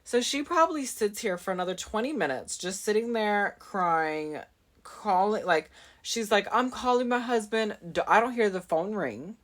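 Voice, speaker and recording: A woman's voice: medium pitch, lively intonation, moderate pace. A young adult woman vlogger telling a dramatic story in casual chat, full of fillers and asides to her viewers. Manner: chatty, dramatic, filler-heavy with constant "like".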